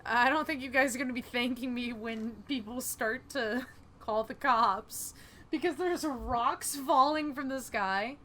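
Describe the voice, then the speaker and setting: A young woman hosting let's play commentary, chatty and expressive, reacting out loud with yelps and the odd swear. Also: on the high side, measured pace, a little hiss or hum. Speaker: gaming channel host. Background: game music.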